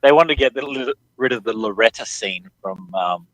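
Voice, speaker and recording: A man's voice: medium pitch, animated, moderate pace, a bit bright, dry recording, low-quality recording. Playful man chatting, dry sound. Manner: playful, breaks into song snippets. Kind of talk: casual livestream chat.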